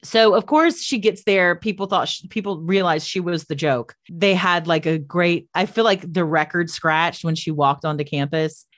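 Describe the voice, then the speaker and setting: A woman's voice: fairly low pitch, normal speed, few pauses, fairly bright tone. A woman co-hosting a podcast, telling a history story in a playful, teasing way with frequent laughs. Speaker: podcast co-host. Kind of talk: casual chat, storytelling.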